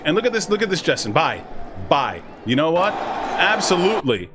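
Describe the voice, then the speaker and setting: A man with a slightly high voice and wide pitch swings chats casually with his viewers while reacting to a video, speaking at a normal pace over a noisy background. He rambles, restarts sentences, and acts out what others said in this live reaction commentary.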